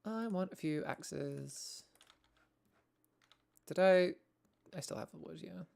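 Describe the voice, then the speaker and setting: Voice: mid-range voice, takes it slowly, creaky, darkish tone. A young adult streamer from Wales chatting casually with viewers while playing, sweary and rambling, with lots of asides. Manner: chatty and sweary, with frequent self-interrupting asides. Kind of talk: casual gameplay chat with viewers.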